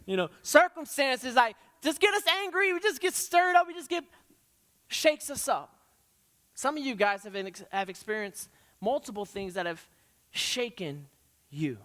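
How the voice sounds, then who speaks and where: Male youth pastor, bright forceful voice, passionate sermon, long church-hall reverb. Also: extremely high pitch, expressive, a little slow. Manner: passionate, swings from quiet to loud.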